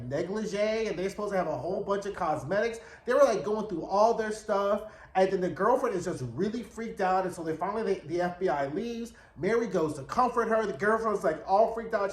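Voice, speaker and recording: A man's voice: high voice, roomy sound. A man giving a sassy, slangy, chatty recap of a TV episode, slipping into quoted voices as he retells scenes. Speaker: TV recap reviewer. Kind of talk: casual recap and commentary.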